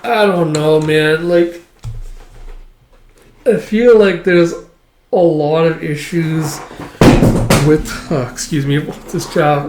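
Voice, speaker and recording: A man's voice: fairly high pitch, echoey room. A man recapping a manga volume in a rambling, casual way, full of fillers. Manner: rambling, filler-heavy retelling. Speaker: manga reviewer.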